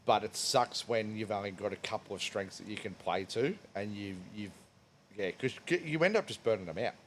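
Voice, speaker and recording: A man's voice: fairly low pitch, animated, normal speed, slight background noise. A man co-hosting a casual podcast, agreeing and adding his own thoughts about workplace habits, swearing casually. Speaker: podcast co-host. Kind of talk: casual chat.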